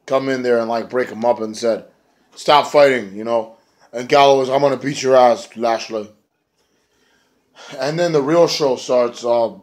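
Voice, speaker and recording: Rambling casual male wrestling reviewer. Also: medium pitch. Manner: rambling, profane, lots of "like". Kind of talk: casual recap.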